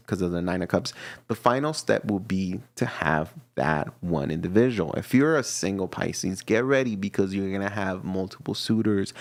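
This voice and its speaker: A man giving a casual tarot reading to camera, animated and teasing, often laughing and acting out little voices. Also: deep voice, creaky, no room sound. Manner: teasing, playfully scolding. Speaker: tarot reader.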